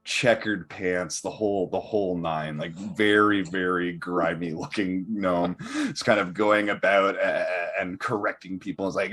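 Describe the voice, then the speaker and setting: Deep husky-voiced male game master. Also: unhurried, fairly bright tone, soft background music. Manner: hesitant, lots of fillers and restarts. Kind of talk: narrating a tabletop game.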